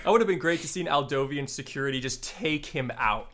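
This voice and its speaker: A man casually reviewing a movie with friends, rambling and joking with halting restarts. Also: a little high, a bit bright. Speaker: podcast co-host.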